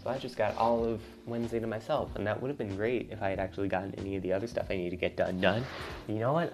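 A young man, a college student, venting in a rambling, casual monologue, swearing often and getting louder as he gets worked up. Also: on the low side, fast talker, soft background music. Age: young adult. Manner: rambling, swears a lot, voice climbs when riled up.

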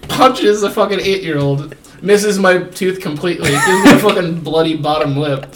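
A man co-hosting a podcast, telling profane, animated childhood stories in casual chat. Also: fairly high pitch, moderate pace. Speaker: podcast co-host. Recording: echoey room, mic far off, faint noise.

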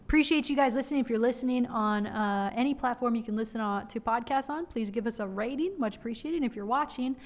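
A woman's voice: fairly high pitch, quick pace, few pauses. An American woman hosting a casual esports podcast, chatty and full of "like". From United States. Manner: chatty, filler-heavy with frequent "like". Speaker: podcast host. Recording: dull lo-fi sound.

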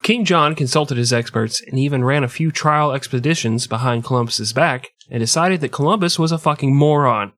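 A man's voice: mid-range voice, fairly quick, few pauses, a bit bright, no room sound, clean studio sound. A man co-hosting a podcast, telling history as crude, joking comedy and putting on mock voices. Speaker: podcast co-host.

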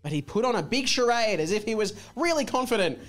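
Woman, storytelling, high-pitched, very lively intonation. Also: fast. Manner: animated, giggly storytelling. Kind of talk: storytelling on a live podcast stage.

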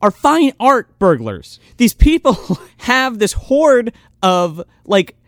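Animated, profane man reviewing a movie. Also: very high voice, slow pace, dry recording, studio quality. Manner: profane, animated, heavy use of "like". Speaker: podcast co-host. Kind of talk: casual movie review chat.

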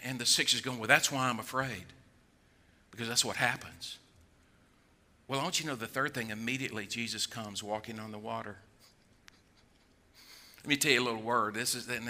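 An older man preaching a sermon, acting out worried voices, then dropping low to draw listeners in. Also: bright, forceful tone. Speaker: pastor.

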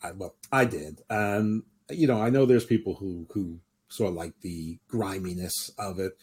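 A podcast host talks in a low, unhurried voice with a darkish, slightly rough tone. His casual chat is opinionated and rambling, and he often restarts his sentences.

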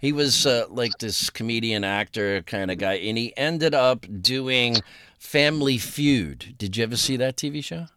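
A man's voice: medium pitch, normal speed, a bit bright, slight background noise. A man hosting a casual podcast interview, joking and rambling as he talks. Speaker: podcast host.

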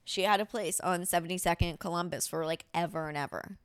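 A woman's voice: on the low side, a little fast, clear, resonant tone, dry recording, clean studio sound. A woman comedian hosting a casual podcast chat. She rambles, swears freely and fills her talk with "like.". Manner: rambling and profane, heavy use of "like".

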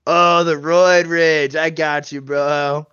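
A man's voice: on the high side, level tone, slow pace, bright, forceful tone, clear, resonant tone, dry recording, highs cut off. A man doing an improvised comedy voice of a dim-witted, boastful young male bro skier who talks in slangy surfer-bro drawl.

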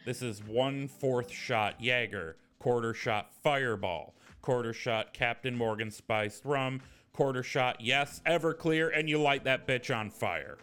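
Bright-voiced man hosting a casual chat. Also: mid-range voice, measured pace, clear, resonant tone, faint music behind. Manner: swearing, explaining a drink recipe. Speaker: podcast host.

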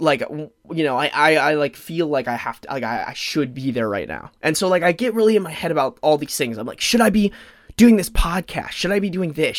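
A man in his twenties talks alone into a podcast microphone, his voice sitting a touch higher than most men's. He rambles, leans on "like" and restarts his sentences, sounding openly emotional. The recording is dry, with no room sound. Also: fairly bright tone, no room sound. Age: 20s. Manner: rambling, heavy use of "like" fillers, frequent restarts; emotional, openly close to tears at times. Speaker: podcast host. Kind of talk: solo podcast chat.

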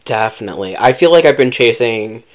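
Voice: mid-range voice, lively intonation, brisk. A podcast co-host chatting casually about a book, with lots of fillers and acted-out quotes.

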